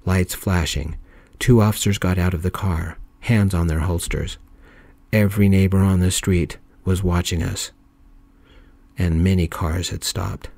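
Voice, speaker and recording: A man narrating a story in a calm, soft-spoken ASMR style. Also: low voice, gravelly, dry recording.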